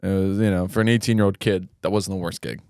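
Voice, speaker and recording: Young male podcast host, low voice, casual profane storyteller, dry booth sound. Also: steady tone, fast talker, a little mellow, smooth, dry recording. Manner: rambling, profane, self-mocking anecdotes.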